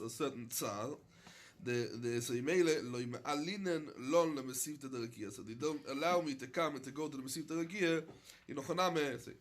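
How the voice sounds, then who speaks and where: A man teaching a Talmud class, reading short Aramaic phrases and explaining each one in plain English. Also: mid-range voice. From London. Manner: reads Aramaic phrases then explains in English, with many fillers.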